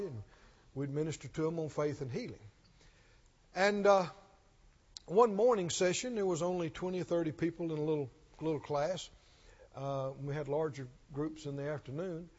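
A man preaching a sermon in a church, emphatic and questioning, often repeating his lines. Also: on the high side. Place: church sanctuary. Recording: dull recording with long hall reverb.

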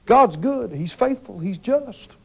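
A man's voice: high-pitched, expressive, unhurried, gravelly, darkish tone, breathy edge, highs cut off. A man preaching a sermon in an emphatic way, repeating his phrases and putting questions to the congregation.

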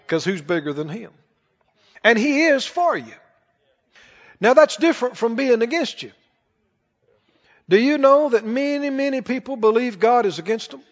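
High-voiced preacher in a reverberant hall. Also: male voice, big pitch swings, normal speed, pauses often. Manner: preaching with rhetorical questions to the congregation. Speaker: pastor. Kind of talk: sermon. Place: large church hall. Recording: dull reverberant church recording.

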